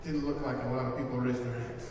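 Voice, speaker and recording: A man's voice: medium pitch, little pitch movement, a little mellow, distant mic. Man preaching in an echoey hall. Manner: earnest storytelling, slows for emphasis. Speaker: pastor. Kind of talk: sermon with personal testimony. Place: large hall before a live audience.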